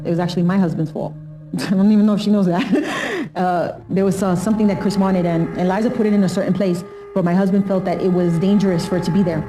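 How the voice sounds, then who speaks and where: A middle-aged woman recalling family events in a documentary interview, animated, acting out quotes and laughing often. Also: lowish voice, quick pace, over music.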